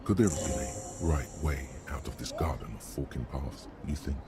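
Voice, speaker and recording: A very deep, grave inner narrator. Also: male voice, over music. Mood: measured. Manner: slow, measured, descriptive. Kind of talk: video game narration. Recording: clear background noise.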